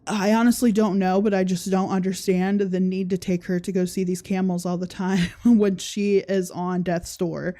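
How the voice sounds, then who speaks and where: Mellow-voiced woman, sarcastic livestream host. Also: medium pitch, level tone, normal speed, few pauses. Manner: sarcastic, laughs often while talking; reads viewer comments aloud. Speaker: podcast host. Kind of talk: casual livestream commentary.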